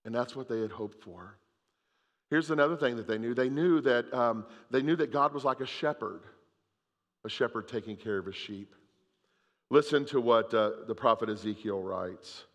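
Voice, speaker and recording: A man preaching a sermon, reading scripture aloud and swinging between loud emphasis and hushed moments. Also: medium pitch, moderate pace, long reverb tail. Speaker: pastor.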